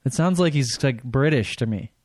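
A man co-hosts a comedy podcast with a wry, joking manner, laughing often. His voice is mid-pitched. It is recorded dry and close. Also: normal speed, a little mellow, no room sound. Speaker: podcast co-host. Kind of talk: casual comedy podcast chat.

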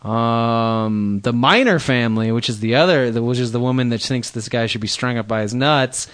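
A man's voice: mid-range voice, normal speed, a bit bright, smooth, dry recording. A man co-hosting a podcast, chatting casually and irreverently while recounting news stories with crude jokes. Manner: irreverent, joking, reads out news quotes. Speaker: podcast co-host.

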